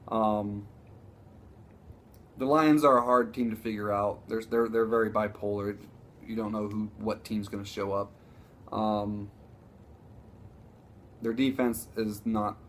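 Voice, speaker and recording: A man ranting casually about his football team, profane and excitable, rambling with frequent restarts. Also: fairly low pitch, a little hiss or hum. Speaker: sports vlogger. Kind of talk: casual sports rant.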